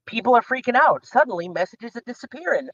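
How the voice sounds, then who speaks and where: High-voiced man telling a rambling story. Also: fast talker. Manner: rambling, animated retelling with quoted dialogue. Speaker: guest. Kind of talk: casual storytelling chat. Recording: slightly dull lo-fi sound.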